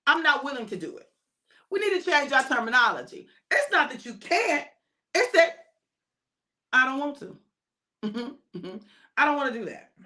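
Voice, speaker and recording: A woman's voice: high-pitched, bright, forceful tone. An older woman preaching an informal sermon, emphatic and repetitive, often calling out to her listeners.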